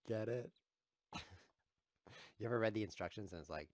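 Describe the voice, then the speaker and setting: A man streams himself playing chess and talks the whole time, cracking jokes and chuckling as he reads viewers' chat aloud. His voice sits fairly low, and the sound is dry and close with no room around it. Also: moderate pace, no echo. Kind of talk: live chess commentary.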